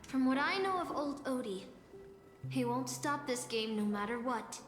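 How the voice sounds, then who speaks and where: An actress voicing a cool, skeptical young woman who serves her master in a video game, speaking in a measured, guarded way. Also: sits high, expressive. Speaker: servant character in a game. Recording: reverberant game audio over music.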